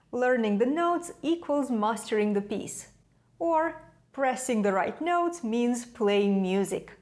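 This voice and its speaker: A woman with a slightly high voice gives a scripted piano lesson. She speaks in a measured, emphatic way and lets dramatic pauses land between her points. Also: a little mellow. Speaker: piano teacher.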